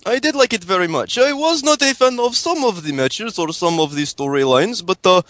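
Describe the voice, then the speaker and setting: A man playing a boastful Russian caller with a put-on Russian accent, speaking haltingly and dropping articles. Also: sits high, animated, fairly bright tone, dry recording. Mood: earnest. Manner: halting, drops articles, many "uh"s. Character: fake Russian male caller, boastful and earnest.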